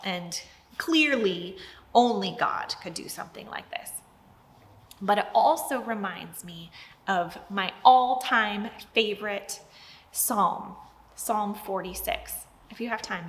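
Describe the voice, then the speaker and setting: A woman's voice: a little high, fairly bright tone. A woman teaching a Bible lesson to children, telling the story expressively and dropping to near-whispers. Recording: hall reverb with faint background noise.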